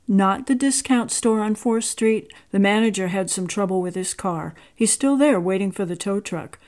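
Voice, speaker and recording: A woman voicing God as a calm, patient, fatherly presence who gives gentle instructions. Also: medium pitch, moderate pace, close to an everyday voice. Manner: calm, even, gently firm.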